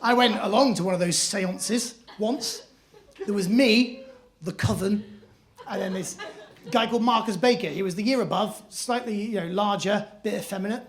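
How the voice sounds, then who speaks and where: Animated male stand-up comedian. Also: sits high, moderate pace. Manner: animated storytelling, shifting into acted-out voices. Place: comedy club stage. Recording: live comedy club with audience laughter.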